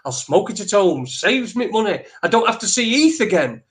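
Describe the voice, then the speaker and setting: A man co-hosting a talk show, ranting in sweary, animated bursts with lots of restarts. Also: high voice, moderate pace. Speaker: podcast co-host. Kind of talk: ranting opinion chat.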